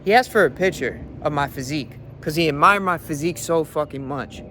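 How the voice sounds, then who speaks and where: A man's voice: fairly high pitch, a little fast, bright, forceful tone, a little hiss or hum. A young man, a fitness coach, giving a brash, profane motivational rant from his car.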